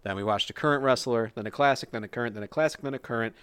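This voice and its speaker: A man's voice: medium pitch, very fast, fairly bright tone, smooth, dry recording. A man co-hosting a casual wrestling podcast, joking and swearing as he rambles through predictions. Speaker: podcast co-host.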